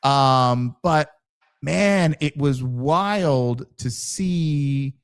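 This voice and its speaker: A man's voice: mid-range voice, drawn-out words, clear, resonant tone. A man hosting a podcast in casual conversation, telling stories with animation and acting out the voices of people he quotes. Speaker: podcast host, former police officer.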